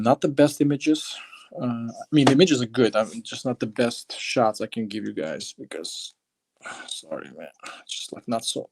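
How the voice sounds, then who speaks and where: A man's voice: medium pitch, vocal fry, a little mellow, slightly rough. A man casually flipping through a book on a livestream, rambling and chatting with his viewers.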